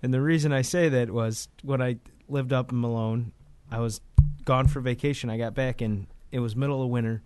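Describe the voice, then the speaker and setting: A man's voice: medium pitch, fairly even intonation, fairly quick, a little mellow, clear, resonant tone. A man co-hosting a casual podcast, telling a long true story in a rambling way with repeated words. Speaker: podcast co-host. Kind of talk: casual chat. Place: Finger Lakes region of New York.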